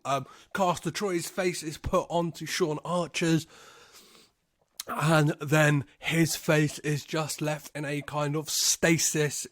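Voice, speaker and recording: A man hosting a podcast, recapping a film in a laid-back way, swearing freely and filling pauses with "um". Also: fairly high pitch, no echo. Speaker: podcast host.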